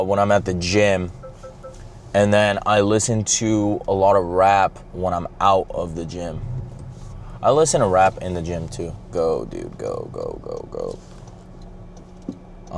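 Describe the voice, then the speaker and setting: A man's voice: lowish voice, a little hiss or hum. A young man vlogging in casual, rambling talk, joking around and swearing a lot as he drives and shops. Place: in a car, then in a shop and at home.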